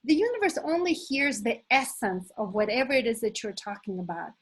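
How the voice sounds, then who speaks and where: A middle-aged woman leading a live motivational workshop as a coach, enthusiastic and animated, talking to her listeners as "you guys". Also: a little high, brisk, husky, poor audio. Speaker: manifestation coach hosting an online challenge.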